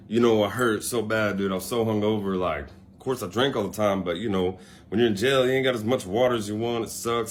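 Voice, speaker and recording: A young man casually telling a personal story to the camera, rambling with many fillers and asides. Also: on the low side. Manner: rambling, laid-back, lots of fillers and asides.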